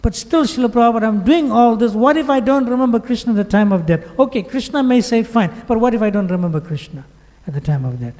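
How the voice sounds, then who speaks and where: A man's voice: medium pitch, steady tone, racing, few pauses, warm tone, breathy edge, in a large hall, lightly acted. A man voicing a worried young male disciple who pleads with his teacher. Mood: anxious pleading. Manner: raised, pleading questions.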